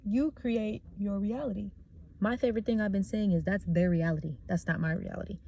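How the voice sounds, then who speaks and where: A woman's voice: medium pitch, fairly even intonation, fairly quick, creaky, warm tone, slightly rough. A young woman talking casually and bluntly about spiritual healing, swearing freely while she drives. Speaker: vlogger. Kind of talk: casual spiritual car talk. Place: inside a car while driving. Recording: road noise in a moving car.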